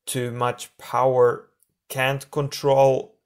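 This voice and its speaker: A man voicing crazed, overloaded monster creatures in an audiobook, drawn-out and strained. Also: medium pitch, completely flat delivery, pitched above the performer's own voice.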